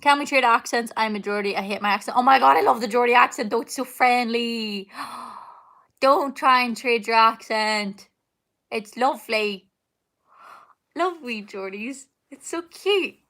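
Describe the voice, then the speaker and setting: At home indoors, a young woman who sings is hosting a live Q&A, reading comments on her stream. Her voice sits on the high side, a bit bright, at a moderate pace, and she rambles casually with lots of fillers and laughs.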